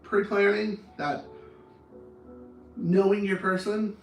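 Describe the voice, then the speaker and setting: Male anger coach, animated delivery, high register, roomy echo on the track. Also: normal speed, distant mic, soft background music. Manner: animated, acts out arguments in different voices. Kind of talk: motivational talk on anger. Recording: roomy echo, speaker off-mic.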